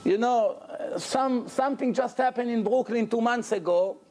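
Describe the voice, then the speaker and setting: A man giving a storytelling sermon as a rabbi, animated and asking his audience questions, at a lecture. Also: very high voice, normal speed, a little hiss or hum. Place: lecture room with audience, indoors.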